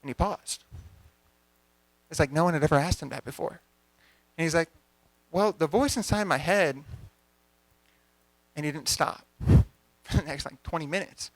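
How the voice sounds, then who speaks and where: Animated young man telling a coaching story. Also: on the high side, moderate pace, pauses often, no echo. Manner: energetic, conversational, acts out dialogue. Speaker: coach giving a talk. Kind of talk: storytelling talk to a live audience. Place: event venue.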